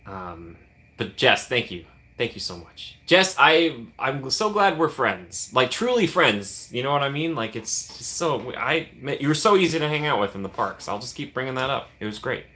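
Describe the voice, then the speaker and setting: A man's voice: mid-range voice, sharp tone. A man hosting a casual livestream, rambling and chatty, laughing often and thanking viewers by name. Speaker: livestream host.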